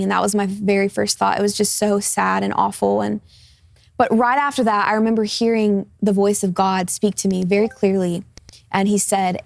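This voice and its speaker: A woman's voice: medium pitch, flat delivery, normal speed, creaky, a little mellow, dry recording, clean studio sound. A woman in her twenties telling a personal testimony as a guest in an interview. She talks earnestly and casually, with lots of fillers. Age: 20s.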